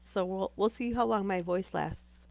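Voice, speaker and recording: A woman with a hoarse, worn voice after losing it, casually reading stories aloud on a live stream and laughing between lines. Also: mid-range voice, measured pace, a little mellow, no echo.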